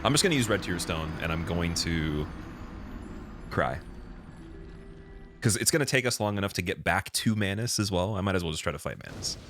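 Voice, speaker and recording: A young man with a very low voice gives casual live commentary while playing. He rambles, restarts, and laughs often as he chats. Faint music plays underneath. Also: lively intonation, fairly quick, long pauses. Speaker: game streamer.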